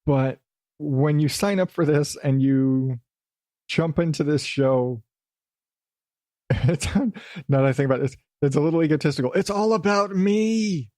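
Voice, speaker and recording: A man's voice: medium pitch, fairly even intonation, measured pace, long pauses, dark tone, no room sound, clean studio sound. A middle-aged man hosting a solo podcast, rambling and self-deprecating, swearing casually and dropping into silly voices now and then. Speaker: podcast host.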